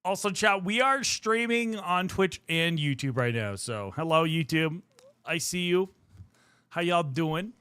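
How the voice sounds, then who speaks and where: A man's voice: fairly high pitch, lively intonation, unhurried, sharp tone, clear, resonant tone, no room sound. A young man chatting playfully with his viewers as a livestream host, a little out of breath. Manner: playful, chatty, talks to chat. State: mildly out of breath. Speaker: streamer. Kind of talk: casual livestream chat.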